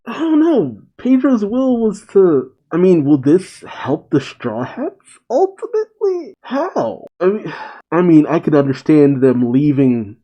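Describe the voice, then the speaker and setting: Man reacting to a comic chapter, lively rising and falling pitch, dull lo-fi sound. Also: unhurried. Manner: animated, reads dialogue aloud and reacts. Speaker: manga reaction host. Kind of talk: casual reading and commentary.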